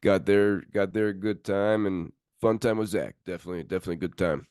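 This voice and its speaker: A man's voice: low voice, steady tone, brisk, a little mellow, smooth, dry recording, clean studio sound. A man hosting a sports podcast, chatting in laid-back, friendly banter. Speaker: podcast host. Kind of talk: casual chat.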